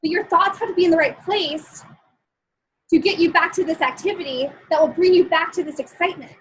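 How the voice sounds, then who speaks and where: A woman's voice: very high voice, fairly quick, a bit bright, slight background noise, poor audio. A woman giving a live-streamed motivational talk. She is chatty and upbeat, laughs often between points, and keeps checking in with her listeners. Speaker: motivational speaker.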